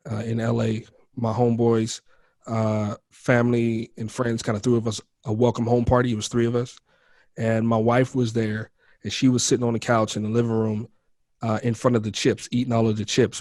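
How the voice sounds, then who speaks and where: A man's voice: mid-range voice, no echo, studio quality. A man as a podcast guest, candidly telling his life story in casual talk, calling the host bro and man.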